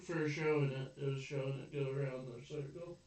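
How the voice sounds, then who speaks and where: Flat-voiced man chiming in from far off. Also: mid-range voice, a little fast. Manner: brief, matter-of-fact interjections. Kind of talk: casual chat. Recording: very echoey room, distant mic.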